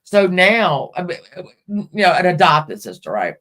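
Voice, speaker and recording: A woman's voice: lowish voice, very animated, a little slow, a bit bright. A middle-aged woman hosting a live stream, telling rambling personal stories bluntly and with plenty of swearing. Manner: blunt and profane, rambling with restarts. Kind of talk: casual personal storytelling.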